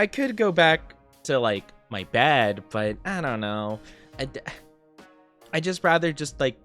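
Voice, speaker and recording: A man's voice: medium pitch, fairly bright tone. A young man chatting casually on a live stream, upbeat and giggly as he greets his chat.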